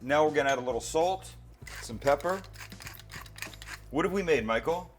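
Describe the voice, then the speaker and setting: A man's voice: on the high side, animated, normal speed, faint music behind. A middle-aged man hosting a cooking show from his home kitchen, chatty and teasing, answering his own questions. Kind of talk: casual cooking demonstration. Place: home kitchen with low ceilings. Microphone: handheld mic held close at times.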